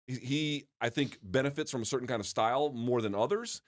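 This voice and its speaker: Guy on a fight podcast, emphatic, keeps restarting his sentences, mid pitch. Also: fairly quick, hardly any pauses. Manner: opinionated, emphatic, rambling restarts. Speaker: podcast co-host. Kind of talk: casual sports debate.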